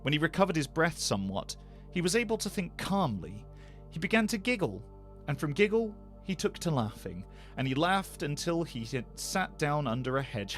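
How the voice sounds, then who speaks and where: A male voice actor reading a bedtime story aloud, expressive and animated. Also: on the high side, normal speed, faint music behind. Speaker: voice actor, narrator.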